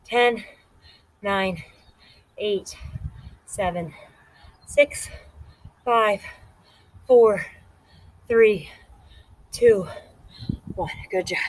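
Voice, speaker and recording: A woman's voice: mid-range voice, very slow, pauses often, dry recording, low-quality recording. A woman fitness instructor leading a workout and counting reps aloud, out of breath and encouraging.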